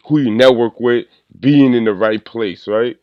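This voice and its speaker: A male podcast host talks in a relaxed, easygoing way and laughs often. His pitch sits in the middle. The sound is dry and close, with no room echo. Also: muffled recording. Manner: laid-back, laughs often, drawn-out phrases. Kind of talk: casual chat.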